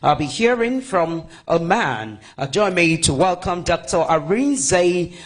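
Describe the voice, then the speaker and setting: Male MC, brisk announcer delivery, higher voice. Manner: lively, hurried introductions. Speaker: master of ceremonies. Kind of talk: event hosting.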